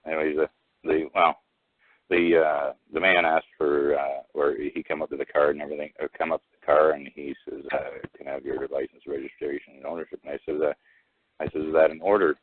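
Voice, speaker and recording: A man phones in to a talk show and tells his story in halting, rambling bursts, packed with fillers and restarts as he quotes what each person said. His voice sits very low and husky. The call comes through a thin, dry phone line. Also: flat delivery. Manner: retells exchanges by quoting both sides. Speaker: caller.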